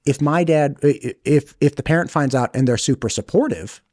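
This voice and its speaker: A man in his thirties, a podcast host, debating in an animated, conversational way. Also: a little high, a little fast, no echo, studio quality. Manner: animated, pushes back, conversational.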